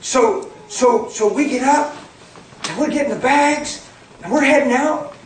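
A preacher telling a testimony in a sermon, animated and laughing, dropping to a hush and then rising to a shout. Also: sits high, measured pace. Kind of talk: sermon storytelling. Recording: echoey hall, mic at a distance. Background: audience and room noise.

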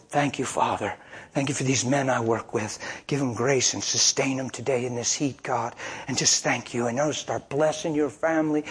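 Husky-voiced folksy male preacher. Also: medium pitch. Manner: folksy, colloquial, emphatic storytelling. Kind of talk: sermon.

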